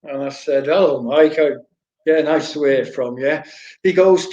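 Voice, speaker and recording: A man's voice: fairly high pitch, steady tone, slow, darkish tone. An older man, a former goalkeeper, telling anecdotes in an interview, often repeating words and laughing as he goes. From Wales. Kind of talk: storytelling interview answers. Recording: roomy, dull lo-fi sound.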